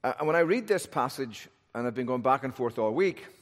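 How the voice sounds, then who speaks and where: A man's voice: medium pitch, animated, a little fast. A male pastor preaching an expository sermon in a thoughtful, conversational way, often posing rhetorical questions. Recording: long reverb of a large hall.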